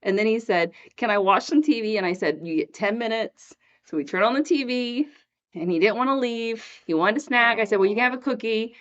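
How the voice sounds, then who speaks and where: A woman's voice: on the high side, animated, brisk, lo-fi sound. A woman co-hosting a casual faith podcast, telling stories in a chatty way with frequent laughter. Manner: chatty storyteller, laughs often, acts out quoted voices. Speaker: podcast co-host.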